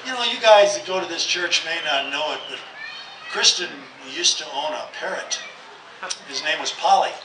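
A man's voice: fairly high pitch, normal speed, background noise. Folksy man telling a joke, far off. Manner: folksy storytelling. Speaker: joke teller at a church celebration. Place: large outdoor tent. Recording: distant, echoey, music in background.

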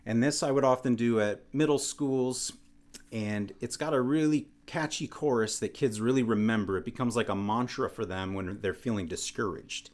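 A man performing for children, introducing his songs in a calm, encouraging, friendly way during a virtual show. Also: mid-range voice, moderate pace. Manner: calm, encouraging, speaking to kids. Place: home studio, broadcasting virtually.

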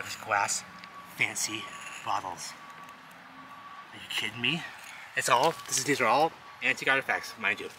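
Excitable rambling man filming outdoors. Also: medium pitch. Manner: excitable, rambling, repeats himself, calls the viewer baby. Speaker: vlogger exploring urban ruins. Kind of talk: casual outdoor vlog narration. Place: outdoors in a wooded city lot. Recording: noisy outdoor camera audio.

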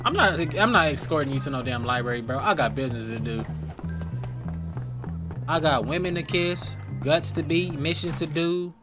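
A man riffs his way through a video game with crude, slang-filled jokes, his voice swinging up and down as he reacts. Loud game music plays underneath him. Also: fairly high pitch, expressive, normal speed. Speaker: gaming youtuber. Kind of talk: casual gameplay commentary.

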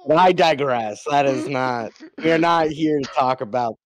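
A man's voice: medium pitch, normal speed. A young man co-hosting a casual podcast, spinning goofy rambling bits. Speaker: podcast co-host. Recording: dry close mic.

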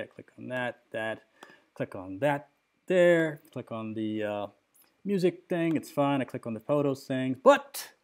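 A middle-aged man with a mid-range voice talks through a screen recording of a software crash. He is agitated and rambling, and he keeps checking in with his viewers through fillers and tag questions. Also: mid-range voice. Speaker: computer user demonstrating a software crash.

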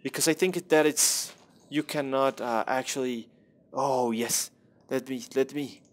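A man's voice: medium pitch, steady tone, a little slow. A young man casually commenting on his own gameplay, rambling, self-deprecating and swearing at the game.

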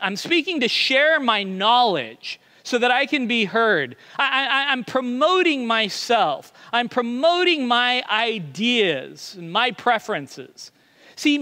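A man's voice: extremely high pitch, sharp tone. A male pastor preaching a sermon in a confessional, self-deprecating way, often stammering and restarting.

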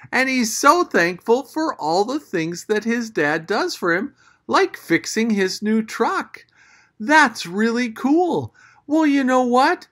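A children's church storyteller with a mid-range voice reads a picture book aloud. Speaking directly to the kids, the storyteller is animated and gasps along the way.

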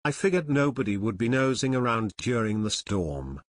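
A man's voice: mid-range voice, sing-song, normal speed, no echo, close to an everyday voice. A man reading an audiobook, voicing a bald, quarrelsome thug in his thirties who grumbles defensively.

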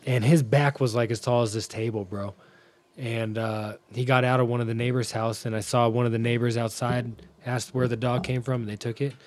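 A man's voice: mid-range voice, little pitch movement, brisk. A young man chatting casually on a podcast in a laid-back, slangy way. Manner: laid-back, slangy, says "bro" and "dude" a lot. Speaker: podcast co-host. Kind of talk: casual chat.

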